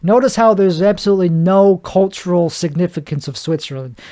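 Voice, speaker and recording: A man's voice: sits high, a little fast, dark tone. Rambling man riffing on a solo podcast. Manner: rambling, riffing, with mouth sound effects; frequent restarts and stammered repeats. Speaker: podcast host. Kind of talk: comedic solo podcast monologue.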